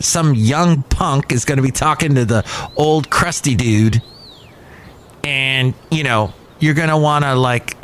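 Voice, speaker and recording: In a cafe, a podcast host in his fifties rambles through a casual conversation, frequently starting his thoughts over. He speaks in a mid-range, slightly bright voice, and there's a bit of background noise.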